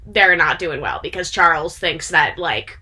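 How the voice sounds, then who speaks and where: Bright chatty young woman. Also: low-pitched, animated, a little slow, breathy edge. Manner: chatty, peppered with "like" and swearing; frequent laughter. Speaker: video creator. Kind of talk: casual plot retelling to a friend.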